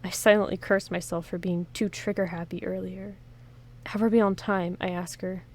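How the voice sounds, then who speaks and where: A woman's voice: lowish voice, level tone, normal speed. A woman hosting a playthrough, reading an interactive horror story aloud in first person and breaking off for casual, joking asides. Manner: reads dramatically, breaks off for chatty, joking comments.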